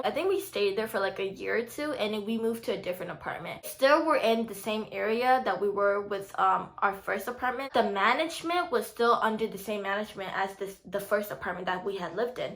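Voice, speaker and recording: A bright, crisp-sounding young woman in her twenties, chatting to camera in a casual storytime vlog. She talks in a loose, rambling way, full of "like" and "you know." She grows animated when she voices what her family said, and she sits a little higher in pitch than most women. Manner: animated, voices the quoted family with rising excitement. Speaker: YouTuber.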